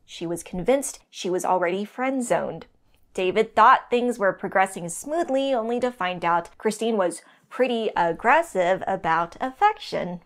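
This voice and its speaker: A woman's voice: medium pitch, expressive, a little slow. A woman co-hosting a recap podcast, reading a scripted summary with wry asides. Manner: wry, laughs between lines.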